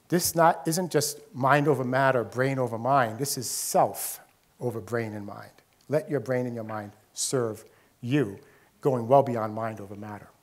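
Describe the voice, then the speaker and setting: A man lecturing on the brain to an audience, in a voice of middling pitch. He explains step by step, poses rhetorical questions and circles back to the same examples. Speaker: neuroscientist lecturer. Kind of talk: public lecture with slides. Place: lecture hall.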